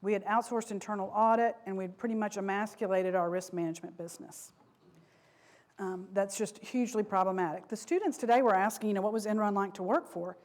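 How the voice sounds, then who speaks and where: A woman's voice: medium pitch, fairly quick, darkish tone. A middle-aged woman giving a lecture to an audience, speaking frankly and conversationally, with frequent asides and restarts. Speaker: speaker, former company vice president.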